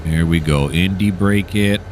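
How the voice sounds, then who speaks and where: A man's voice: low-pitched, measured pace, slight background noise. A man giving casual, enthusiastic commentary while playing a train simulator, explaining each step as he goes. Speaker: gameplay streamer.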